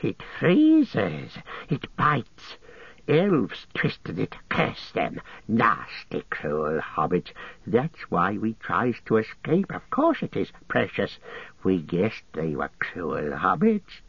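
A man voicing a wretched, sly male creature who hisses and whines in drawn-out words. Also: fairly low pitch, wildly swooping pitch, gravelly, fairly bright tone, husky, no room sound, full character voice. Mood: whining pleading. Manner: hissing, wheedling whisper, drawn-out words. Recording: muffled lo-fi audio.

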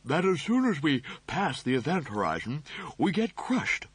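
A man's voice: a little high, very animated, normal speed, slightly rough, no room sound, pitched above the performer's own voice. Man doing an anxious android servant. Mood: worried.

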